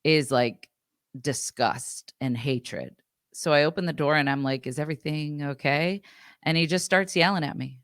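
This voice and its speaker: A woman's voice: low voice, normal speed, no room sound, clean studio sound. A woman podcast co-host chatting casually, rambling and acting out what people said. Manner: rambling, animated, acts out quotes. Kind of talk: casual storytelling chat.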